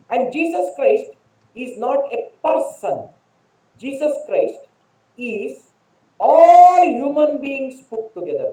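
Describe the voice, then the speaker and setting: A man's voice: very high voice, mellow. A man from India with an Indian English accent gives a spiritual talk as a monk. He repeats key phrases and asks and answers his own questions. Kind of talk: spiritual lecture with storytelling. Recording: distant, echoey, dull online lecture audio.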